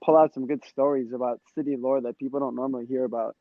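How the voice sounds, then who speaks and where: A man's voice: medium pitch, flat delivery, quick pace, no echo, phone-quality sound. A man appearing as a guest on a podcast, chatting in a laid-back way. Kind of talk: casual chat.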